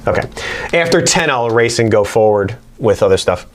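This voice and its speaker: A man's voice: on the low side, animated, fairly quick. A man teaching a casual whiteboard math lesson, chatting as he works through problems. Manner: chatty, talks to his barking dog between problems.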